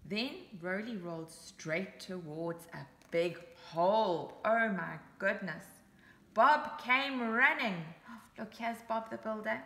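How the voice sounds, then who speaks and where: A woman reading a picture book aloud to young children, with lively asides pointing things out on the page. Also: mid-range voice, a little slow, gravelly, echoey room. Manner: animated, chatty asides to young listeners. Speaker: storybook reader. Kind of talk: children's story read-aloud.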